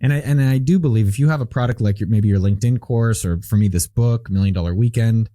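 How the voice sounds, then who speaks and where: A man, a guest entrepreneur on an interview podcast, telling stories in an animated, emphatic way. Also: on the low side, fast, dry recording, studio quality. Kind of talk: conversational interview.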